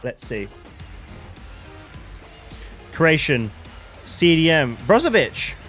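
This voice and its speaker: A young man commentating on his own video game as a streamer, with bursts of shouting hype and quiet muttered asides. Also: a little high, big pitch swings, extremely slow, soft background music. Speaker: gaming streamer.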